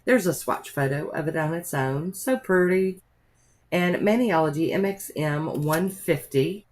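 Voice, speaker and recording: A woman's voice: low voice, moderate pace, darkish tone. Chatty woman doing a nail tutorial. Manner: chatty, rambling, homey asides. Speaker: nail art vlogger. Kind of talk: casual tutorial narration.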